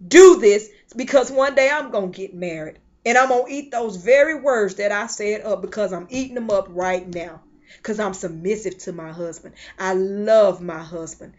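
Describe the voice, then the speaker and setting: A woman preaching a sermon with impassioned swells and soft drops, at times breaking into tongues. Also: mid-range voice, dull audio. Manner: speaks in tongues between phrases.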